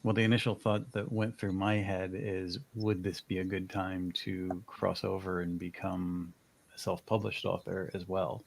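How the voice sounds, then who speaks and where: A man writer speaks on a livestream in a soft-spoken, unhurried way. His voice is low and gravelly, with plenty of fry. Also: level tone. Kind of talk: casual livestream chat.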